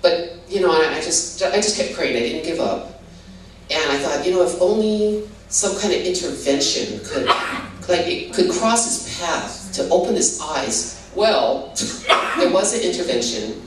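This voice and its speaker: A woman's voice: lowish voice, lively intonation, unhurried. An older woman from Hawaii, telling her testimony in a rambling, casual way full of "you know" and restarts. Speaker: guest giving a testimony. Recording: roomy, distant mic with faint background noise.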